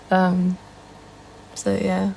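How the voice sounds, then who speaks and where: Chatty Northern English woman, gravelly. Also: on the low side, a little hiss or hum, rough recording. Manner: reads out and answers viewer comments in a relaxed, chatty way. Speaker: livestreamer. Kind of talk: casual live-stream chat.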